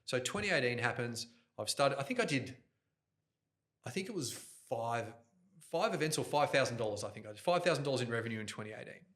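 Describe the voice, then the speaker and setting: A middle-aged man, an event host telling his story as a guest in an animated podcast interview. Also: mid-range voice. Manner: energetic, fast, jokey, talks with his hands toward the mic. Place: podcast studio. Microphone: directional studio microphone.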